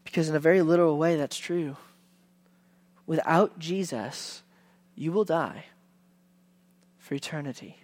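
A man preaching a sermon as a pastor, conversational with casual fillers, swinging from hushed lines to loud emphasis. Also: a little high, unhurried, long pauses.

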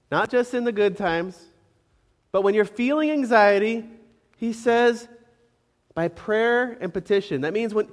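High-voiced male pastor in an echoing hall. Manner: emphatic, repeats words for stress, asks the congregation questions. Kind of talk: sermon. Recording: long reverb of a hall.

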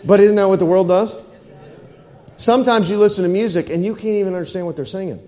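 A man with a high voice delivers a sermon in a church. His talk is folksy, and he keeps asking his listeners whether they follow. The sound trails off in a long church reverb. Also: quick pace, mellow. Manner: folksy, asks the congregation questions. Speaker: pastor. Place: church hall.

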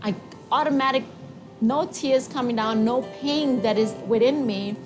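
Woman giving a halting testimony over music. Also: on the high side. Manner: halting, emotional storytelling with repeats. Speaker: testimony speaker. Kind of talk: personal faith testimony. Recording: music playing behind.

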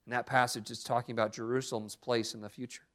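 A man's voice: mid-range voice, flat delivery, fast, fairly bright tone. A young adult man preaching a sermon as pastor, speaking earnestly and expressively with strong emphasis.

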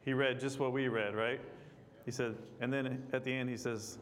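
A man's voice: mid-range voice, steady tone, normal speed, slight background noise. A man preaching a sermon in a church, reading scripture aloud and asking the congregation questions in a conversational way. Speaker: guest preacher. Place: church sanctuary. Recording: long hall reverb.

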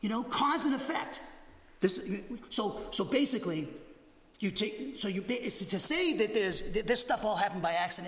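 High, bright-voiced male preacher. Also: in a large hall. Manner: animated, conversational preaching with restarts. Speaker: pastor. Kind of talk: expository sermon. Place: church sanctuary.

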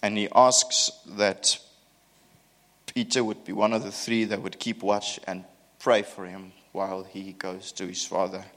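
A man preaching a sermon, telling the story in an animated way with self-mocking humor. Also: on the low side.

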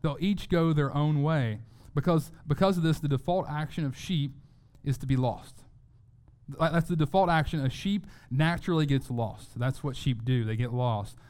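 Male pastor, sermon delivery, smooth resonant voice, earnest, repeats words for emphasis. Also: a little high, moderate pace, a little mellow. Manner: earnest, repeats words when stressing a point.

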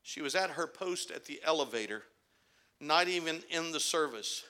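Bright, high-voiced preacher building to shouts. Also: male voice, lively intonation, normal speed. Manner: swings from quiet storytelling to shouted climaxes. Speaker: pastor. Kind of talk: sermon. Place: church sanctuary.

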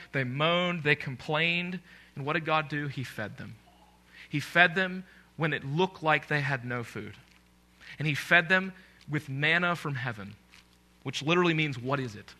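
A man preaching from the pulpit as pastor, pressing his points with emphatic rhetorical questions. His voice is very bright and sits a little high. He addresses the congregation directly throughout the sermon.

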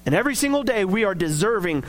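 A young man preaches with a strikingly high voice, earnest and conversational. He slips into acted quotes and back to plain talk, keeping it personal and direct. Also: big pitch swings, fast talker. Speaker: pastor. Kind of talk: sermon.

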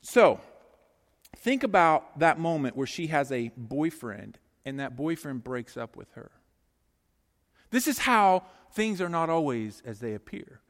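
High-voiced middle-aged pastor preaching. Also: male voice, a little slow, in a large hall. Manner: lively, joking storyteller who talks straight to the congregation. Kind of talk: sermon. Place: church sanctuary.

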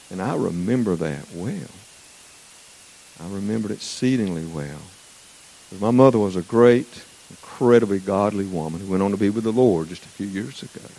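A man's voice: on the low side, vocal fry, a little mellow. A man, preaching a sermon in a folksy storytelling way.

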